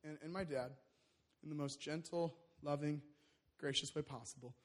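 Young male preacher, high voice, animated storyteller, loose and full of fillers. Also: moderate pace. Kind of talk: sermon with personal story.

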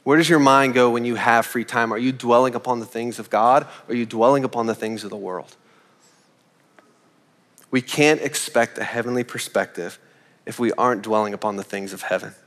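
A man's voice: medium pitch, fairly even intonation, brisk, a bit bright. Man preaching in a reverberant hall. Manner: earnest, repeats key points, rhetorical questions. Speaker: pastor. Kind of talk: sermon.

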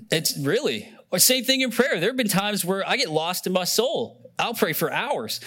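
A man's voice: on the high side, pushed and bright. Earnest man preaching, emotional. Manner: earnest, conversational preaching with frequent fillers and restarts. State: emotional, close to tears. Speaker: pastor. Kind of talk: sermon.

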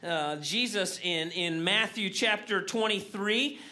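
A pastor preaching at an evening church service. He talks in a loose, conversational way, full of fillers, with a high and bright voice. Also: slow pace. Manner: casual and conversational, with many fillers.

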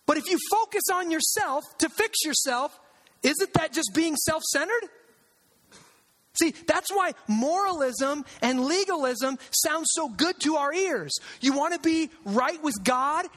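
High-voiced male pastor, echoing hall. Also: fairly bright tone. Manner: conversational, emphatic, uses sarcasm and repetition. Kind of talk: sermon. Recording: long hall reverb.

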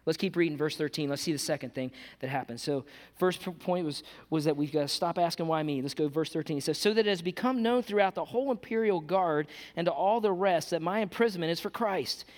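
A man preaching a sermon as pastor in a casual, conversational way, calling his listeners "gang" and swinging between hushed, earnest passages and loud, animated ones. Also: on the high side, quick pace, big-room sound. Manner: conversational, calls the audience "gang".

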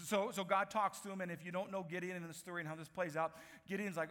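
A man preaching a sermon, telling a Bible story with lively, acted-out voices and frequent laughs. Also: a little high, fast talker. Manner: animated storytelling, acts out voices, laughs often. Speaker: pastor. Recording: echoey hall recording.

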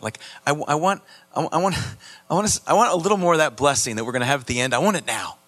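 A man's voice: fairly high pitch, fast talker, fairly bright tone. Earnest man preaching a sermon. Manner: earnest, repeats words when emphatic. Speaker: pastor.

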